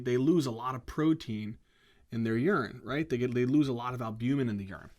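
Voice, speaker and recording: Male medical lecturer, mid-pitched voice, lively questioning delivery, casual teaching tone. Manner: energetic, asks the class questions, says "right?" often. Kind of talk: whiteboard lecture.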